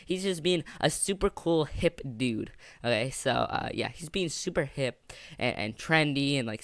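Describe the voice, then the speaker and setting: Bright, jokey young man telling a story. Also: mid-range voice, clear, resonant tone, no room sound. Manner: rambling, jokey, full of filler words. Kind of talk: casual storytime narration.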